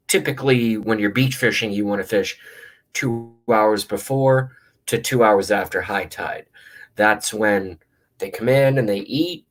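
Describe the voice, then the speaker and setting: With a fairly low, slightly bright voice, a video-reaction vlogger rambles through a story. He's blunt and casual, packs his speech with fillers and swears a lot.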